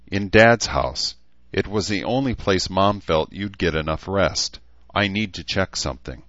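A man's voice: low voice, expressive, unhurried, a bit bright, no room sound, dull audio, voice pushed up. A man voicing a young woman healer who teases and scolds her patient bluntly. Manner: teasing, scolding.

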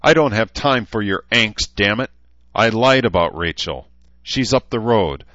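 A man's voice: on the low side, expressive, normal speed, a bit bright, no room sound, highs cut off. A man voicing a hardened young woman who speaks curtly and bitterly, in a commanding tone, for an audiobook.

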